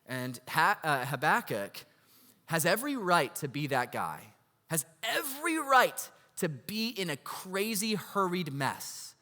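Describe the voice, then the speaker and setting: A pastor delivers his sermon in a bright, forceful voice that sits a little high for a man. He tells his stories with animation and fills them with rhetorical questions. A long hall reverb hangs behind his words. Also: sing-song, a little slow.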